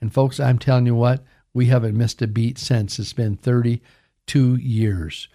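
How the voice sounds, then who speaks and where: A man's voice: mid-range voice, steady tone, a little slow, warm tone. An older man, a pastor, preaching a sermon with emphatic delivery, often calling his listeners "folks". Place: radio broadcast.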